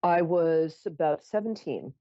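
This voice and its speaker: A woman's voice: deep voice, lively intonation, unhurried, dark tone, dry recording, highs cut off. A woman hosting a psychic call-in show, telling a story in a chatty, theatrical way with self-mocking asides. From New York. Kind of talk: casual storytelling to callers.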